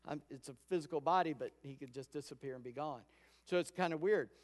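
A pastor giving a sermon in a conversational storytelling way, acting out quoted lines. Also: male voice, a little high, quick pace. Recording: long hall reverb.

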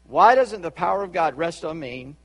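A man with a Charleston Southern accent preaching a sermon as a pastor, chatty with asides and quick laughs. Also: a little high, animated, in a large hall. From Charleston, South Carolina.

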